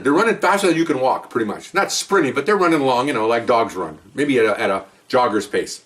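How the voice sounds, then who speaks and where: A middle-aged man spins his police stories at a quick clip, rambling and chatty, breaking off into asides and restarts. He sits a little back from the microphone, so his voice sounds slightly distant. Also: medium pitch, lively intonation, a bit bright. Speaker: police officer telling stories. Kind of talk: casual spoken storytelling.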